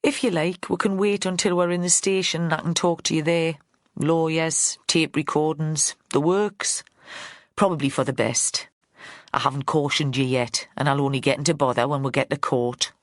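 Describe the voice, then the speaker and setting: A woman's voice: deep voice, fairly even intonation, moderate pace, dry recording, lightly acted. A woman reading an audiobook, voicing a blunt, plain-spoken middle-aged woman detective. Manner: plain-spoken, dry, homely. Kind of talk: audiobook character voice.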